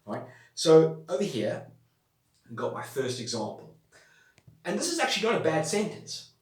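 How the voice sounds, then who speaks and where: A man's voice: on the high side, wildly swooping pitch, moderate pace, far from the mic. A man teaching a writing lesson in a chatty way, checking in with listeners often. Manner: chatty, checks in with frequent "all right?" and "yeah?". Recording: roomy sound from away from the mic.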